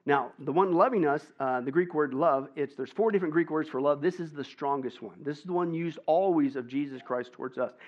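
Male pastor, sermon, lively and chatty, fairly high voice, dull lo-fi recording. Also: fairly quick, hardly any pauses. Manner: lively, conversational, tosses questions to the listeners. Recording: dull lo-fi sound.

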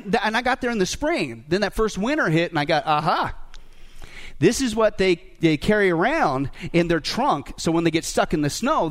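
A man's voice: high voice, a bit bright. A male pastor preaching a sermon, joking and asking the congregation rhetorical questions.

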